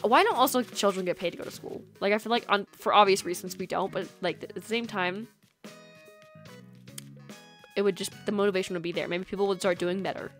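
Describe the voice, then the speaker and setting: A woman's voice: mid-range voice, fairly quick. Chatty, giggly young woman streamer. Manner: chatty and giggly, lots of "like" fillers. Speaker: game streamer. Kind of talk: casual stream chat while gaming. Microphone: USB microphone. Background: soft lofi music.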